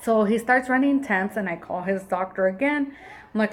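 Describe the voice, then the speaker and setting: Speaking at an ordinary pace in a mid-range voice, a vlogging mother in her thirties recounts something that happened to her. Her retelling is animated and emotional, full of quoted dialogue she performs herself.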